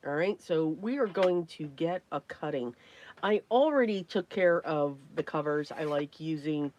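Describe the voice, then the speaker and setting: A woman hosting a casual crafting livestream, chatty and greeting viewers by name, her voice hoarse and worn from talking, often clearing her throat. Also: low voice, animated, measured pace, a little mellow, a little hiss or hum. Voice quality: frequent throat clearing and coughs.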